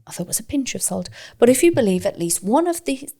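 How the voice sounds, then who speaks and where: Tired woman with creaky voice. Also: a little high, big pitch swings, quick pace, dark tone. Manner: playful, laughs often, stumbles when reading aloud. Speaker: podcast co-host. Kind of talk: casual chat.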